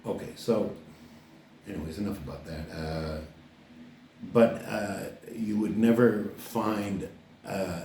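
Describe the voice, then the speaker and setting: A man's voice: sits low, slow, pauses often, dark tone, a little hiss or hum. An older man from Canada, an author talking casually to camera about his book, rambling with many fillers and restarts. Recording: roomy echo, distant mic.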